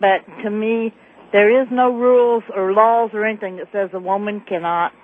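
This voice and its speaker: A woman's voice: medium pitch, steady tone, normal speed. A woman calling in to a radio show, hesitant and full of ums. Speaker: radio caller. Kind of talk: call-in radio talk. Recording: tinny phone line with faint noise.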